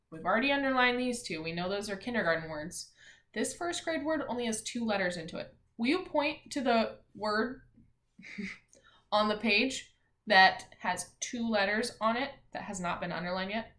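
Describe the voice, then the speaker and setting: A woman teacher giving a phonics and spelling lesson to young children, talking clearly and encouragingly. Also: medium pitch, animated, normal speed, a bit bright. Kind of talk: early-grades phonics lesson. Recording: echoey room.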